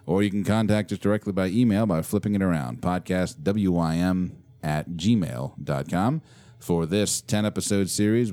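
A man's voice: sits low, mellow, dry recording. A man co-hosting a casual podcast, joking and swearing freely. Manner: profane, laughing banter. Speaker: podcast co-host.

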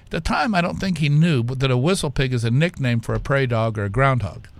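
A man's voice: mid-range voice, fast talker, no room sound. A man, a whiskey company co-founder, telling stories as a guest with fillers and restarts. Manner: animated anecdote-teller with fillers and restarts. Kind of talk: conversational storytelling.

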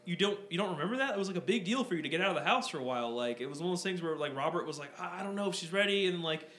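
A man's voice: high-pitched, lively intonation, very fast, fairly bright tone. A young man co-hosting a podcast in casual chat, rambling with lots of fillers and swearing freely. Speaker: podcast co-host. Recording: echoey room with faint ambient noise.

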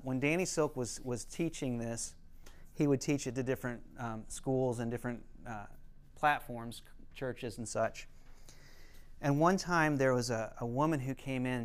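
A counselor with a clean, mid-range voice gives a conversational teaching talk. He explains things earnestly and uses stories to make his points.

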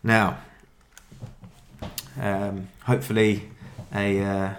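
A man with a low voice hosts a podcast in loose, casual chat. He rambles and swears freely as he talks things over with his co-host. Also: completely flat delivery, extremely slow, a little hiss or hum.

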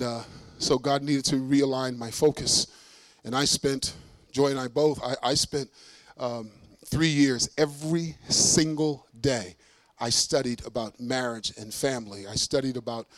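A man's voice: mid-range voice, normal speed, no echo. A middle-aged man from Brooklyn, a traveling preacher telling funny stories in a sermon and acting out voices. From Brooklyn, New York. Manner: animated, acts out voices, laughs often. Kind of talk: humorous sermon storytelling.

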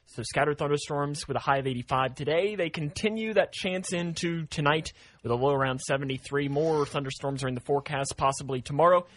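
A man hosting a morning radio show, chatting casually and reading news and weather. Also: fairly high pitch. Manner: relaxed, reads news and weather plainly.

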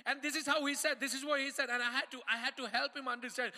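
A pastor from India preaches to his congregation in a very high, strikingly bright voice. He stumbles and repeats words, then drives his points home with insistent questions. The hall gives his voice a long, ringing reverb. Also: steady tone, fast, few pauses. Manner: repeats words and restarts while preaching, rising to emphatic calls. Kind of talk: sermon. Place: church hall.

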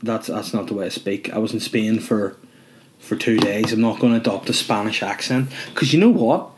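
A man's voice: fairly low pitch, moderate pace, background noise. A man hosting a solo comedy podcast, rambling with jokey asides. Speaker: podcast host.

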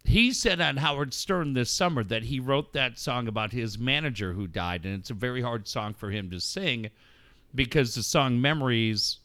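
A man co-hosting a casual talk show, telling animated stories, swearing and laughing often. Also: medium pitch, normal speed, dry recording. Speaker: radio co-host. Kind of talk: casual chat.

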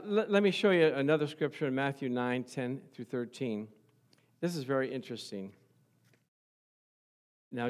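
A middle-aged male pastor preaching a sermon to his congregation, chuckling at times and building to loud, fervent passages of scripture. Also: mid-range voice. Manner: chuckles often, talks to the congregation.

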